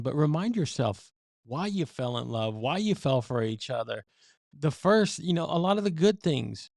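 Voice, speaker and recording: A man with a mellow, mid-pitched voice talks about relationships on a podcast. He stumbles and restarts at first, then settles into a steady coaching flow. The sound is dry and close. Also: gravelly, dry recording. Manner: halting starts, stammers, then steady advice. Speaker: podcast co-host, communication coach. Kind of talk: casual advice chat.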